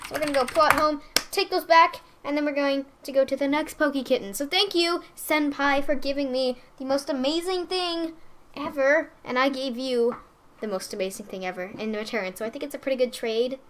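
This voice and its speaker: A young woman hosting let's play commentary, gushing and excitable with frequent squeals and giggles. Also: high voice, moderate pace, slight background noise. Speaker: gaming channel host.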